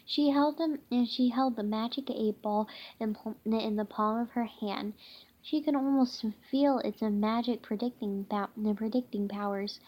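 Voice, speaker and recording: A woman reading a children's chapter book aloud, halting, with many restarts. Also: fairly high pitch, steady tone, dull audio. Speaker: reader.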